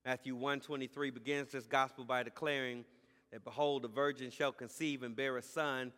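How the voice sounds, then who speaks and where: A man preaching a sermon as a pastor, building from calm teaching to shouted, drawn-out emphasis on key words. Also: mid-range voice. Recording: live sermon in a reverberant hall.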